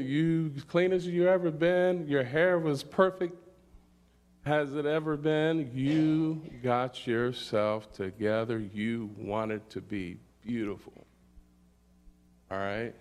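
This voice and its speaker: A middle-aged man preaching a sermon, slow and emphatic, often checking in with "all right?". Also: fairly low pitch, creaky, darkish tone. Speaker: pastor.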